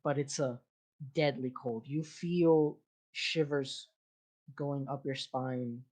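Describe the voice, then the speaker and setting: Slow, unhurried game master narrating. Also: medium pitch, fairly even intonation, darkish tone. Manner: descriptive, with frequent fillers and restarts. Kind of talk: improvised tabletop narration.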